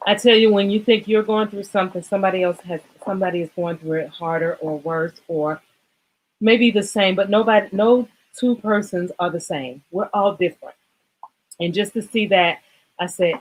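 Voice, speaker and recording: Lower-voiced woman doing a fitness livestream, rambly and choked up, keeps saying sorry. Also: normal speed, low-quality recording. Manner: emotional, rambling, apologetic. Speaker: livestream host. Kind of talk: casual livestream talk.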